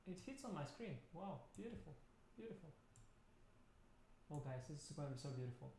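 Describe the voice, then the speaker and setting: A man's voice: a little high, sing-song, a little fast, warm tone, slight background noise. A man chatting playfully with his viewers while setting up a chess stream at his computer, talking to them directly as he clicks around. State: tired, speaking softly at first. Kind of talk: casual live-stream chat. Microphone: desktop USB mic.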